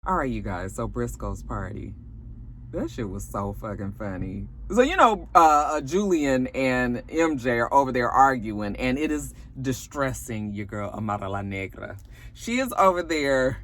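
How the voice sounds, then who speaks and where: A young woman recapping a reality TV episode in a casual vlog, gossipy and animated, acting out the cast's lines. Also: on the low side, normal speed.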